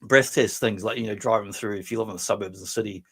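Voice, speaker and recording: A man's voice: fairly low pitch, steady tone, fast talker, creaky, breathy edge. A man with an Australian accent chats loosely through a live stream, reading out comments and drifting into jokes at his own expense. His voice sounds slightly worn and strained. He rambles and keeps things light and silly. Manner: rambling, self-mocking, bursts into silly voices. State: voice strained after drinking. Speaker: livestream host. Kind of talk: casual live chat reading viewer comments.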